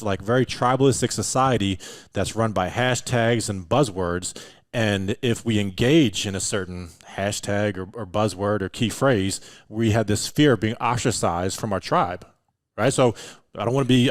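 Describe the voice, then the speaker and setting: A man talking in a relaxed, casual way as a podcast guest, filling his speech with "like" and "you know". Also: fairly low pitch, moderate pace, dry recording. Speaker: podcast guest, meditation and breathwork practitioner. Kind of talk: casual chat.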